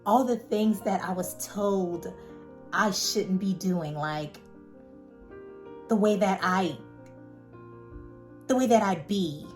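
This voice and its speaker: A woman vlogger in a casual, heartfelt monologue, animated and emphatic, who repeats words for emphasis. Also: mid-range voice, slow, pauses often, soft background music. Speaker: vlogger reviewing a web series.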